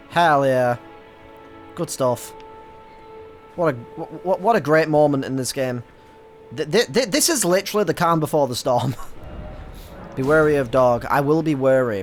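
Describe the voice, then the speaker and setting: A young British man giving casual, excitable commentary while playing a game, swearing often and stumbling over his words. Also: mid-range voice. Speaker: gaming streamer. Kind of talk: casual let's-play commentary.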